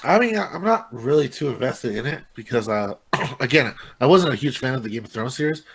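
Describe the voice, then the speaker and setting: A man's voice: mid-range voice, lively intonation, a little fast, slightly rough. A man co-hosting a casual chat, talking in a hesitant way with many restarts. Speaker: podcast co-host.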